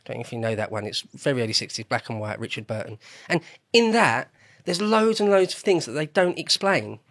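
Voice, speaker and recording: A man chats casually on a podcast, rambling and correcting himself as he goes. His voice sits at an everyday mid pitch. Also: expressive, a little fast, a bit bright. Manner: chatty, rambling, self-correcting. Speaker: podcast host. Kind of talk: casual chat.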